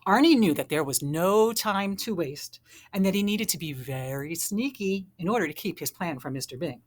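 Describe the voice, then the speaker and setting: A woman reading a children's picture book aloud with expressive narration. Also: on the low side, normal speed. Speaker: storybook reader.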